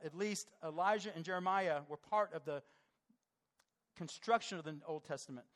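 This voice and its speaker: A middle-aged man preaching a sermon as pastor, impassioned, swelling loud and dropping soft. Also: sits high. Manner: impassioned, rising and falling in loudness.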